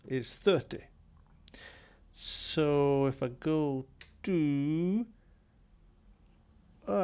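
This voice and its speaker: A man casually walking through his synth module's settings, thinking aloud with plenty of ums and pauses. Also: mid-range voice, vocal fry, a little mellow. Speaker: synth hobbyist demonstrating gear. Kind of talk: casual tutorial walkthrough.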